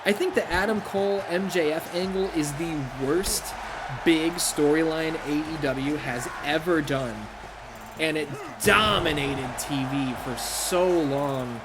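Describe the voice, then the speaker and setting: Excitable, profane man doing let's-play commentary. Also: on the high side, unhurried, background noise. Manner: excitable and profane, shouts at big moves. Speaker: gaming youtuber.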